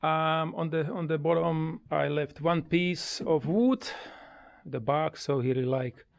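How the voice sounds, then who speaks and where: Slow, gravelly, hesitant parrot owner. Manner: hesitant with many fillers and restarts, non-native English grammar; coos in a high sing-song voice when talking to the bird. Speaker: parrot owner showing a homemade bird playground. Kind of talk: casual home video chat. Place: at home beside the parrot.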